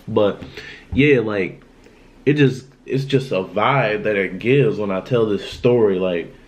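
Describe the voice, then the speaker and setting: A man's voice: on the low side, a little mellow, muffled recording. A young man telling a personal story on his vlog in a loose, casual monologue that circles back on itself. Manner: loose, repetitive, keeps asking "you know what I'm saying".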